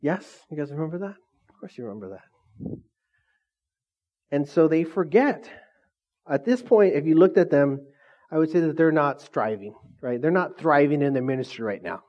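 A man's voice: fairly high pitch, very animated, moderate pace, pauses often, highs cut off. A male pastor preaching a sermon, repeatedly asking the congregation questions and prompting their replies. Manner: call-and-response questions to the congregation.

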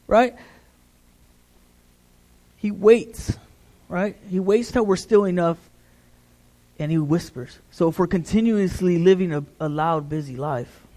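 A middle-aged man, a pastor, preaching a conversational sermon, repeating words as he builds emphasis. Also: fairly high pitch.

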